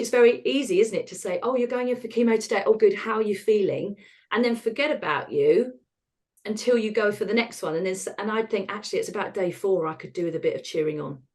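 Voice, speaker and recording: A woman, a podcast guest talking frankly about hard times, laughing at the dark parts. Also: medium pitch, fast. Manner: frank and self-deprecating, laughs at dark moments. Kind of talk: candid conversational storytelling.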